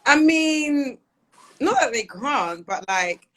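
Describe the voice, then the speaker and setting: A woman's voice: high voice, animated. Chatty woman guest on a video call. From United Kingdom. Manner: chatty, candid, quick to laugh. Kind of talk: casual video-call interview.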